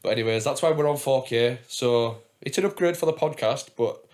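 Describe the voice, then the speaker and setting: A man's voice: mid-range voice, a little fast, darkish tone. A young man from England hosting a podcast, chatting casually and telling rambling stories full of fillers and swearing. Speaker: podcast host.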